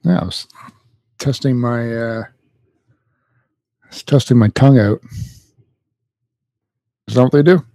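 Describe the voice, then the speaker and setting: A man's voice: medium pitch, a little slow, pauses often, dark tone, no room sound. Teasing man on a casual podcast. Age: 30s to 40s, a parent. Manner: teasing, playful ribbing. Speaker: podcast co-host. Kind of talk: casual chat.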